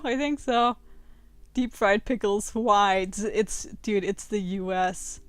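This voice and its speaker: A young woman commenting on a dating game with loud, swearing, laughing outbursts. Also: mid-range voice, slow, smooth, dry recording. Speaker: game streamer. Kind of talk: let's play commentary.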